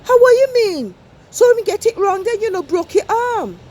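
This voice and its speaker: A woman's voice: very high voice, lively intonation, moderate pace, a little mellow, voice pushed up. A woman voicing a chatty older Jamaican woman on the phone, with a patois accent and a sing-song delivery. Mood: lively gossip.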